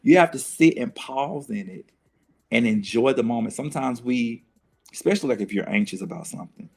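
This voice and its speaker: A man's voice: medium pitch, lively intonation, a little fast, vocal fry, slightly rough. A man, speaking as a guest in an earnest, reflective conversation, often restarting and repeating phrases as he works through his thoughts.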